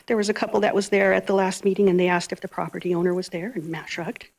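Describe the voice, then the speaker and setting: A middle-aged woman reading an earnest prepared statement during public comment at a city council meeting, speaking softly into a podium microphone. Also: medium pitch, steady tone, quick pace, low-quality recording. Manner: earnest, soft-spoken. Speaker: resident giving public comment.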